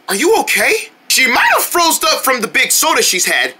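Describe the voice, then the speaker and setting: Breathy woman doing lively cartoon ad voices. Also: high voice, moderate pace, hardly any pauses. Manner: playful, jumping between put-on character voices and shouted cries. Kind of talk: homemade parody cartoon ads, doing all the voices.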